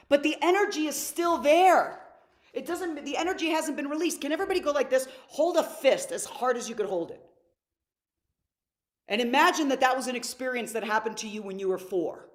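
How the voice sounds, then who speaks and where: Woman workshop leader, lively teaching delivery, slightly high voice, quizzes the audience. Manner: energetic, asks the audience questions. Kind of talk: live online teaching talk.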